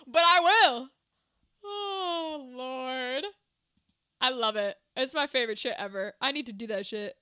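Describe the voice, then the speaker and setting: Woman streamer, high bright voice, loose and profane with her chat. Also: expressive, a little fast, few pauses. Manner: chatty, swears freely, laughs often. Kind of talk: casual chat with a live stream audience.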